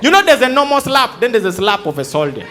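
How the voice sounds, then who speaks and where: A man's voice: very high-pitched, fast talker, crowd noise. A Ugandan man doing live stand-up comedy on a theatre stage, telling stories and acting out other people's voices. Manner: animated storytelling, acting out voices and shouts. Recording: live stage recording with audience laughter and noise. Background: audience laughter.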